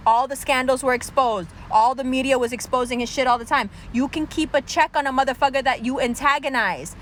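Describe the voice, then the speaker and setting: A woman's voice: fairly high pitch, fairly quick, few pauses, fairly bright tone, a little hiss or hum. A woman delivering an angry, sarcastic, profane political rant as a commentator. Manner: angry, sarcastic, heavy swearing.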